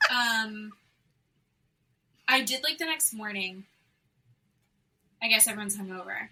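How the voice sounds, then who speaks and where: A woman with a medium-pitched voice takes her time, leaving long pauses, over poor audio with slight background noise. Co-hosting a casual podcast on reality TV, she's blunt, swears a lot and mimics quotes as she retells.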